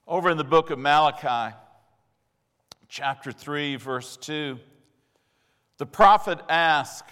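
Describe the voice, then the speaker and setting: A male pastor preaching a sermon in a church sanctuary, emphatic and dramatic with deliberate pauses. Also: on the high side, fairly bright tone. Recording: long reverb of a large hall.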